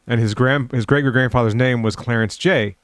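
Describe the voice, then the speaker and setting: A man's voice: medium pitch, steady tone, a little fast, smooth, dry recording, studio quality. A man co-hosting a podcast, telling a long, jokey, rambling story in casual chat. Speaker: podcast co-host.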